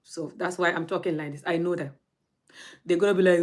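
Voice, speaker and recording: A woman's voice: fairly low pitch, steady tone, quick pace. A young woman, scolding her audience in a blunt, heated rant straight to camera. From Gambia. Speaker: vlogger.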